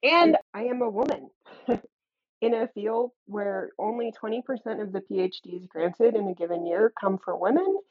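A woman's voice: mid-range voice, moderate pace, narrow, tinny audio. A woman math professor being interviewed, talking in a candid, earnest way with wry asides and frequent laughs. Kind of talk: conversational interview.

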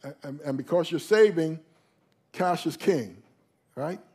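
A male pastor preaching a sermon, emphatic, slowing down and leaning on key phrases. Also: on the high side, darkish tone, breathy edge.

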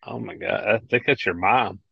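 A man's voice: fairly low pitch, moderate pace, gravelly, breathy edge, dry recording, muffled recording. A man co-hosting remotely in a casual chat, giving short laid-back replies. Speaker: podcast co-host on a call.

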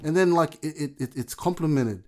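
A man's voice: a little high, fairly quick. A man, co-hosting a casual podcast chat and telling stories with playful exaggeration. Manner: animated storyteller, playful exaggeration. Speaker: podcast co-host.

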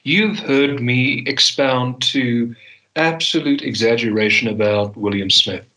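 A man's voice: mid-range voice, a little slow, sharp tone, rough recording. Formal-spoken man from South Africa. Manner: formal, elaborate wording. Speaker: podcast host. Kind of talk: casual chat.

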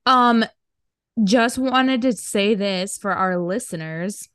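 A young woman trades casual banter as a podcast co-host. Her voice sits at a middle pitch, chatty and quick to laugh, with slangy phrasing. It is recorded close and dry with no room sound. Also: a bit bright, clean tone, no room sound. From upstate New York. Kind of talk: casual chat.

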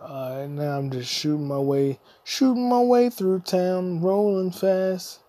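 A podcast host with a high, dark-toned voice rambles unhurriedly through a comedic monologue, animated and freewheeling. He keeps breaking into improvised scat singing, jumping between talk and song. The recording has no echo.

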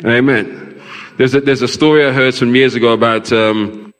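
A man's voice: medium pitch, steady tone, moderate pace, fairly bright tone. A man preaching a sermon as pastor, asking the congregation questions as he goes. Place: large church. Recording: long hall reverb in church.

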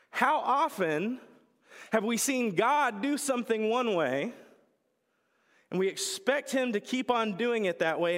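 A man's voice: very high voice, a bit bright. A young male pastor preaching a casual, joking sermon with lots of storytelling. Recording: reverberant hall.

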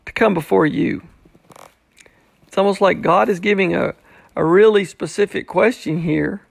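A man's voice: high voice, normal speed, creaky, pauses often, no echo, studio quality. A man teaching a Bible passage who acts out the people's questions in a mocking tone. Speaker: preacher.

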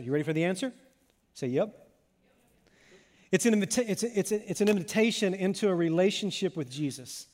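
A high-pitched male pastor delivers a sermon in a church, talking conversationally and repeating phrases for emphasis. He often sinks into a soft, low delivery. A long reverb tail hangs after his words. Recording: long reverb of a large hall.

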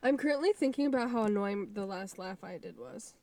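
A woman's voice: medium pitch, expressive, a little fast, warm tone. A young woman co-hosting a podcast in casual chat, laughing a lot and swearing freely. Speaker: podcast co-host.

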